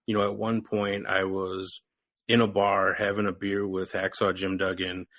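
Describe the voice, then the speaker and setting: A man hosting a casual podcast chat, laid-back and quick to laugh. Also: low voice, level tone, fairly bright tone. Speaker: podcast host.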